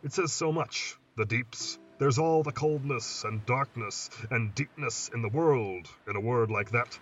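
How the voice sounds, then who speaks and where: A man voicing a weathered old lighthouse keeper who speaks slowly and in a hushed, musing way, heard on a distant, muffled recording with faint hiss. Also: medium pitch, close to an everyday voice. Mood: brooding. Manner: slow, hushed, musing storyteller.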